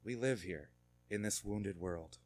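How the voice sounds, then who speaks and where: A man preaching a sermon, moving between quiet reflection and fervent, rising emphasis. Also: fairly low pitch, measured pace. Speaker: pastor.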